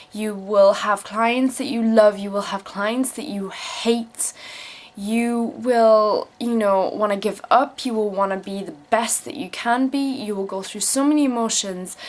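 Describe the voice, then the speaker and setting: A young woman from South Africa, her accent tinged with English, reading viewer questions aloud and answering them in a blunt, casual vlog with plenty of swearing. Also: medium pitch. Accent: South African mixed with English. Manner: emphatic repeated phrases when giving advice.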